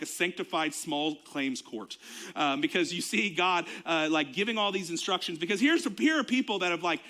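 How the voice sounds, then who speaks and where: A man's voice: on the high side, pushed and bright. Conversational man preaching. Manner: conversational preaching with fillers and asides. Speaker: pastor. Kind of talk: sermon.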